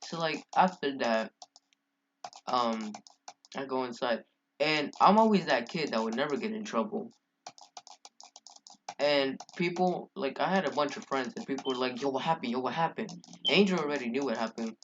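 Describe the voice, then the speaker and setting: A man's voice: mid-range voice, expressive, normal speed, pauses often, a bit bright. Brief: male vlogger, casual profane story time, rambling with constant fillers, dull lo-fi mic with faint hiss.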